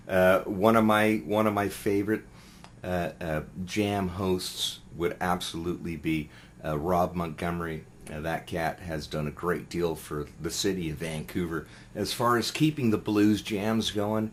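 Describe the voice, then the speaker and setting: A man's voice: sits low, steady tone, measured pace, slight background noise. A middle-aged man, a musician, chatting in an interview, rambling with lots of fillers and restarts. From Canada. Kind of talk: casual interview chat.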